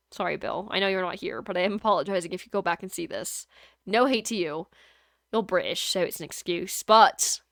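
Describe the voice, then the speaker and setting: A woman's voice: medium pitch, quick pace, a bit bright, no room sound, studio quality. Giggly, rambling woman streamer. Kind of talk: casual gameplay chat. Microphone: USB microphone.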